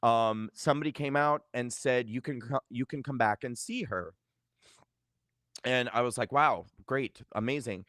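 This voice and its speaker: A man's voice: medium pitch, moderate pace, fairly bright tone, dry recording, studio quality. A middle-aged man recounting a family event in a vlog, hesitant, with many fillers and restarts. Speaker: vlogger. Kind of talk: personal storytelling to camera.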